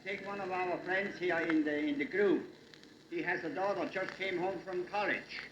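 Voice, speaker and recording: A man with a Pennsylvania Dutch accent giving a live dialect comedy monologue with folksy, deadpan storytelling. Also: high voice, moderate pace, dull audio. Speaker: dialect humorist. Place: hall with a live audience. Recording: echoey 1962 live hall recording with hiss.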